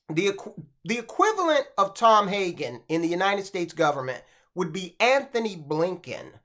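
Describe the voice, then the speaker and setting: A man delivers opinionated finance commentary in a sardonic, rhetorical manner, pressing his points home with repeated "okay?" checks. His pitch swings widely from line to line, and his tone stays bright and forceful.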